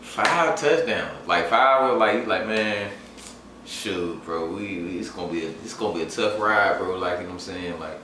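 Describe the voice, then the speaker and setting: A young man telling a rambling, animated sports story in casual chat, full of fillers. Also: deep voice, normal speed, background noise. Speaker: sports fan vlogger. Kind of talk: casual storytime and game recap. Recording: echoey room, far from the mic.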